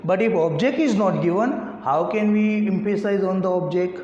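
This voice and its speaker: A man's voice: high voice, darkish tone. A man with an Indian English accent teaching a grammar lesson, asking and answering his own questions step by step. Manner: slow, repetitive questioning. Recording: echoey room, slightly dull lo-fi sound.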